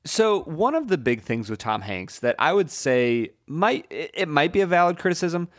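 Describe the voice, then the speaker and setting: A man co-hosting a casual film podcast, sharing opinions in a relaxed way with dry humor. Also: a little high, moderate pace. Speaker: podcast co-host.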